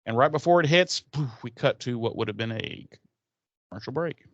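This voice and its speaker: A man's voice: mid-range voice, a little fast, dry recording. Guy on a podcast retelling an episode, acts out the lines, dry kinda dull mic. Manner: animated storytelling, acts out characters' lines. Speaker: podcast co-host. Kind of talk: casual recap chat.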